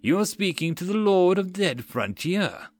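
A playful, cocky officer from a web novel audiobook, as a man reads him. The voice sits a little higher and moves around a lot. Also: sing-song, moderate pace, a little mellow, no room sound. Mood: easy.

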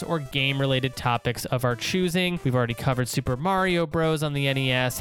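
Animated, jokey male podcast host. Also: on the high side. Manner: playful, jokey, mock-dramatic. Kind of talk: comedy podcast banter and ad read.

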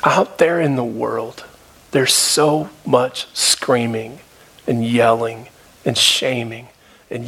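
Slow, husky-voiced male pastor. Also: medium pitch, steady tone. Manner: storytelling, shifts between soft hushed tones and raised emphasis. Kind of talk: sermon. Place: church.

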